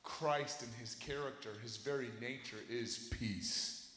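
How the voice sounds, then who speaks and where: Impassioned young preacher in an echoey hall. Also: male voice, medium pitch, slow. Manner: impassioned, swings from shouting to hushed. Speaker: youth preacher. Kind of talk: sermon.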